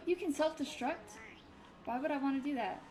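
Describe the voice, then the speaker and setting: A woman's voice: sits high, lively intonation, a little mellow, slight background noise. Chatty young woman with game commentary. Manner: chatty, self-mocking, quick swings between giggles and dismay. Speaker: gaming YouTuber. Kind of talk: casual let's-play commentary.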